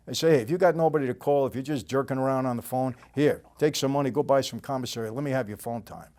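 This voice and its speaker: An older man with a New York accent telling a story in a casual, plain-spoken way, often trailing off quietly at the end of a sentence. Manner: conversational, plain-spoken, drops to a low murmur at line ends. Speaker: storytelling host.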